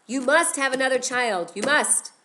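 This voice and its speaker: A woman's voice: mid-range voice, unhurried, lightly acted. A woman voicing a young girl, Miriam, who pleads urgently and insistently with her parents. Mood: pleading.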